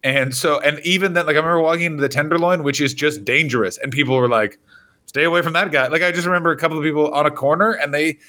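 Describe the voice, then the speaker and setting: A man's voice: a little high, racing, hardly any pauses, pushed and bright. A man, a comedian co-hosting a podcast, telling loose, profane stories in casual chat. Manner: loose, profane tour storytelling.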